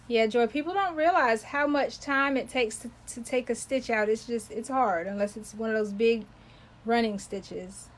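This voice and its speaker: A woman's voice: a little high, moderate pace, rough recording. A talkative woman chatting with viewers while demonstrating embroidery on a live stream. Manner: talkative, loves to chat with viewers; greets viewers by name while working. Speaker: embroidery livestream host.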